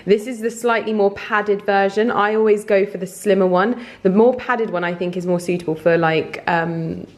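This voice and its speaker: A woman's voice: lowish voice, a little mellow. Chatty woman vlogger. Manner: chatty, rambling, heartfelt. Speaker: lifestyle vlogger. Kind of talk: casual vlog chat to camera.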